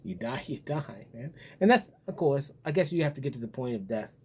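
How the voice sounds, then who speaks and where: A man's voice: medium pitch, sing-song, fairly quick, darkish tone, breathy edge. A man talking in a casual, rambling monologue, blunt and profane as he muses aloud. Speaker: vlogger.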